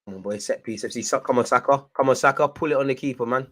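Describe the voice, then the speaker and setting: A young man giving excitable live fan commentary on a football match, urging players on and swinging between frustration and hype. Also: medium pitch, fast talker.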